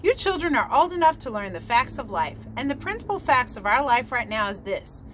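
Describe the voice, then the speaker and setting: A woman voicing a grown male father swan who lectures his children in a solemn, measured way, reading from a storybook. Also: fairly high pitch, sing-song, fairly bright tone, slight background noise, rough recording.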